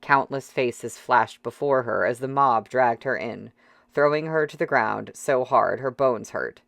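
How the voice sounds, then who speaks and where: An audiobook reader narrating a novel in a measured, steady way. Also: mid-range voice, vocal fry, no echo.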